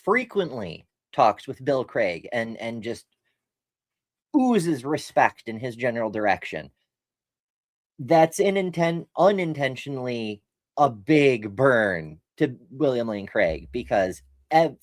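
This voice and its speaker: A wry man reviews a debate with sarcastic asides. His pitch swoops around freely as he talks. The sound is dry and close, with no room around it. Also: big pitch swings, slow pace, dry recording. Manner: wry, sarcastic listing of examples. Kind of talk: casual analytical commentary.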